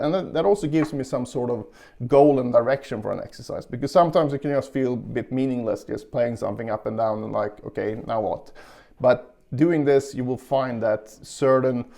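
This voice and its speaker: Guitar plays in the background as a teacher talks through a relaxed lesson, explaining technique in a calm manner and counting the beats out loud. He's a man whose voice is gravelly and medium-pitched.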